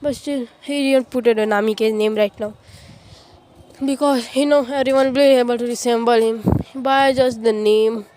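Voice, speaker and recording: A woman's voice: on the high side, fairly even intonation, normal speed, a little mellow. A woman casually retelling a fan-made ninja story, rambling with constant filler phrases and restarts.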